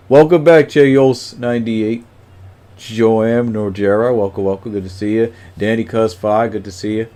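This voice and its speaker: A man's voice: fairly low pitch, steady tone, moderate pace, mellow. A man chatting casually on a livestream, greeting viewers by name and rambling with lots of fillers.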